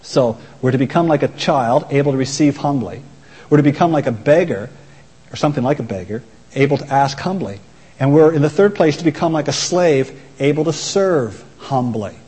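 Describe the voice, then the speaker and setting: Guy preaching a sermon, mellow husky voice, big hall echo. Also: a little high. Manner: earnest, emphatic preaching with quoted voices. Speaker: pastor. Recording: long reverb of a hall.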